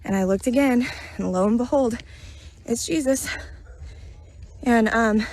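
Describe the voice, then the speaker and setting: A woman telling a personal spiritual testimony in an earnest, halting way, full of fillers and restarts, recorded outdoors on a road. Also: fairly high pitch, a little mellow. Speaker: vlogger sharing a spiritual testimony.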